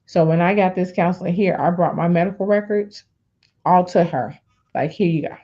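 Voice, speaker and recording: A woman sharing her personal testimony in a casual, animated storytelling way, talking straight to the listeners. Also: on the low side, normal speed. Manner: animated, addresses listeners as "y'all". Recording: dull lo-fi sound.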